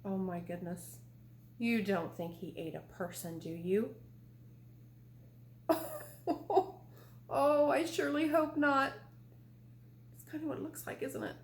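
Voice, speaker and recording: A woman's voice: fairly high pitch, steady tone, takes it slowly, pauses often. A young adult woman, a librarian, reading a children's picture book aloud, playful and full of questions for the kids. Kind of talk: children's storytime read-aloud. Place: library room. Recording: roomy echo.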